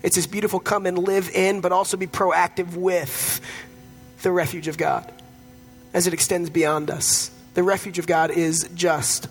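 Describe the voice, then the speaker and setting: A man's voice: high-pitched, flat delivery, measured pace, soft background music. A man preaching a sermon as pastor, in a conversational storytelling way with touches of humor.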